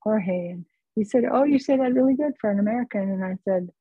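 Husky-voiced woman guest, earnest storyteller, heard over a dry, thin phone-quality line. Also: medium pitch, fast talker, dry recording. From California. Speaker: psychotherapist guest. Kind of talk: personal storytelling in an interview.

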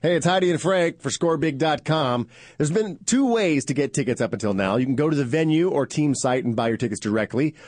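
A man's voice: expressive, a little fast, a little mellow. A male radio host giving a casual, jokey live ad read. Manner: chatty, jokey sales pitch. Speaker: radio show host reading ads.

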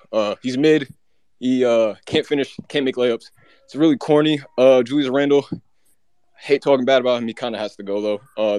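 A man co-hosting, delivering a rapid, heated, run-on sports rant. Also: medium pitch, a little mellow, dry recording. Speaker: co-host.

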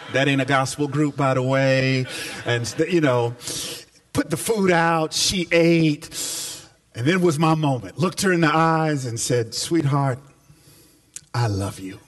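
A man preaching a sermon as pastor to a live congregation in a church, stressing key phrases with slow repetition. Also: a little high, far from the mic.

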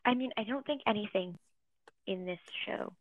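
A woman's voice: medium pitch, moderate pace, dry recording. A young woman co-hosting a casual podcast, bluntly giving songs number ratings. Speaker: podcast co-host. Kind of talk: casual chat reviewing songs. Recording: tinny phone-like line.

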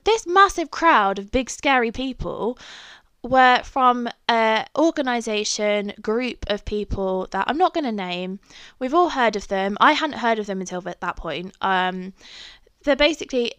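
A woman's voice: mid-range voice, fairly bright tone, clear, resonant tone, dry recording. Young woman, English accent, casual storyteller, swears a lot, dry recording. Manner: chatty, swears freely, acts out her own reactions. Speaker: podcast host.

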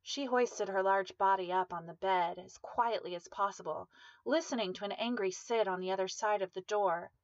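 A woman reading a dramatic story aloud in steady, measured narration. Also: mid-range voice, no room sound, dull audio.

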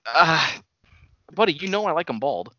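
A young man with a bright, bouncy voice needles his buddy with crude, teasing jokes. His voice rises and falls freely, recorded dry and slightly dull. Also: fairly high pitch, very animated, normal speed, no echo. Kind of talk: crude casual banter.

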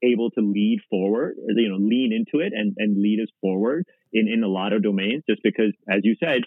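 A man appears as a podcast guest, chatting casually in a low-ish, husky voice at a brisk pace. He rambles, leans heavily on "like," and restarts often. The sound is phone-quality with no room sound.

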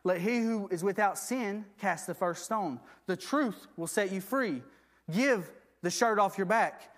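A man's voice: high voice, unhurried, fairly bright tone. A man preaching a sermon, reading scripture aloud and asking the congregation for agreement.

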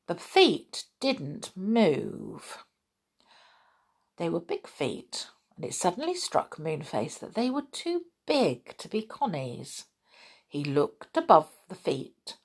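A woman reading a children's chapter book aloud in an unhurried, chatty way. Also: lowish voice, huge pitch swings, husky. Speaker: storyteller.

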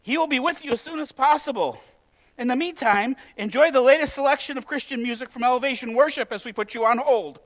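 A sweetly polite, high-voiced hotline receptionist, all scripted customer-service courtesy, as a man puts her on. She sounds lifted well above a man's natural voice and keeps things smooth and professional. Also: quick pace, a bit bright. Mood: polite, chirpy.

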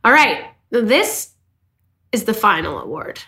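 A woman's voice: on the high side, very animated, takes it slowly, sharp tone. A woman co-hosting a podcast, chatting casually with lots of laughter and swearing. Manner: giggly, swearing, playful. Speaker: podcast co-host. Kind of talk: casual chat.

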